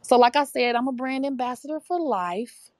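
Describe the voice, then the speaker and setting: A woman's voice: high voice, animated, moderate pace, no room sound. Chatty, enthusiastic woman with a dry sound. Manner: enthusiastic, chatty, many fillers. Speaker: interview guest, brand ambassador. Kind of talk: casual testimonial chat.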